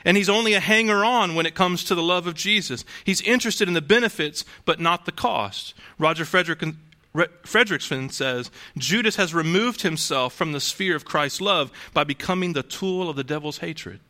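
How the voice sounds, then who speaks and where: A man preaches a sermon in a bright, forceful voice that sits a little high for a man. He talks to the congregation conversationally, tossing out rhetorical questions and restarting phrases as he goes. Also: moderate pace. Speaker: pastor.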